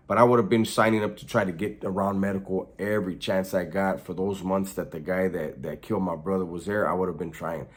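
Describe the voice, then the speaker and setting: A man from California, a former inmate, telling his story in casual street slang, with loose fillers as he talks. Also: low-pitched.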